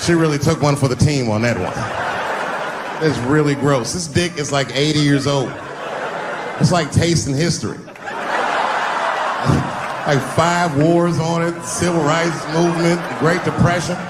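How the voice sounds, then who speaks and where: A middle-aged man performing a loose, swaggering stand-up set, jumping to sudden high exclamations. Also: a little slow, long pauses. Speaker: stand-up comedian. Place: large theater with audience. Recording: live crowd laughter, stage noise.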